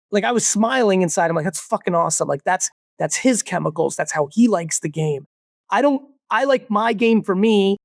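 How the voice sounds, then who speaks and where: A man's voice: high-pitched, no room sound. Blunt, profane man with a dry sound. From Russia. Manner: blunt, profane, animated storytelling. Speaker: guest entrepreneur. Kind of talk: casual interview talk.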